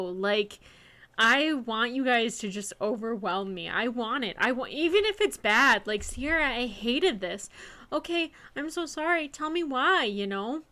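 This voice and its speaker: A woman's voice: on the high side, sharp tone. A young woman, a self-published author, talking on her livestream, gushing, nervous and close to tears, often restarting her sentences. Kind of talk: emotional casual livestream talk.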